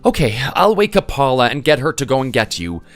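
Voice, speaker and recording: A man's voice: mid-range voice, big pitch swings, brisk, faint music behind. A man doing a concerned, questioning family man. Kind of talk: voice-acted text story.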